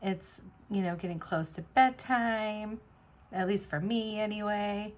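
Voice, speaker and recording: While beading jewelry at home, a woman vlogger chats casually, rambling with many fillers. She speaks at a measured pace in a mid-range voice.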